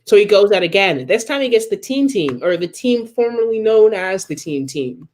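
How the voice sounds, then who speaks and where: A man's voice: sits high, sing-song, normal speed, a little mellow. A man co-hosting a podcast, casually recapping a comic book plot with many ums and acted-out quotes. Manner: rambling retelling with many ums and quoted asides. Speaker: podcast co-host.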